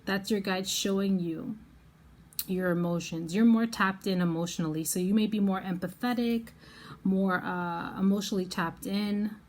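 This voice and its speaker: A woman giving a pick-a-card tarot reading to the viewer in an effusive, excitable way. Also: medium pitch, moderate pace. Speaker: tarot reader.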